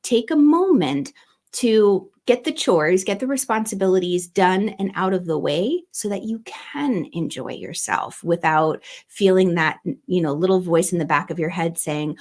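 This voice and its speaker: A woman's voice: fairly low pitch, animated, normal speed, a little mellow. Middle-aged woman on a livestream, chatty, giggles a lot, says hi to viewers. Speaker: astrology livestream host. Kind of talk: casual livestream talk.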